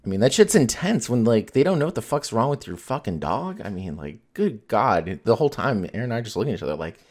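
At a moderate pace, a man with a lowish, animated voice hosts a podcast, chatting casually as he rambles, swears freely, and uses lots of fillers.

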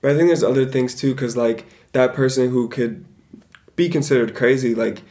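A young man co-hosting a casual podcast, talking in a relaxed, rambling way with plenty of filler words. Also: medium pitch, normal speed. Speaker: podcast co-host. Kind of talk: casual chat.

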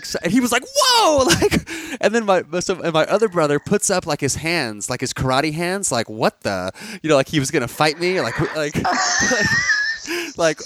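A man's voice: fairly high pitch, background noise. A man in his thirties co-hosting a podcast, telling a long story in a casual chat with frequent restarts. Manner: animated storyteller, restarts and laughs, bursts into shouts. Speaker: podcast co-host.

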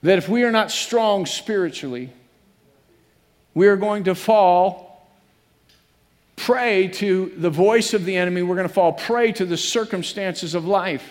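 High-voiced pastor preaching in an echoing hall. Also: male voice, measured pace, long pauses. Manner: earnest, repeats phrases, rises to emphatic peaks. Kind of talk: sermon. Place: church sanctuary. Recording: long reverb of a church hall.

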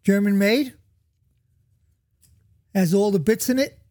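A man's voice: sits high, takes it slowly, a little mellow, dry recording, studio quality. A man co-hosting a casual podcast, trading teasing, jokey banter. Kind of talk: casual chat.

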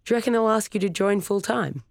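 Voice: mid-range voice, quick pace, gravelly, dry recording, studio quality, pitched above the performer's own voice, natural voice. A narrator voicing a sassy young woman, an athletic daughter, in a storybook reading. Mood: bright.

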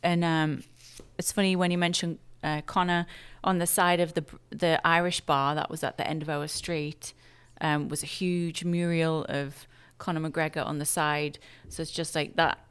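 A woman from England chatting casually as an interview guest, chatty and quick to laugh. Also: sits low, level tone, fairly bright tone, clean tone.

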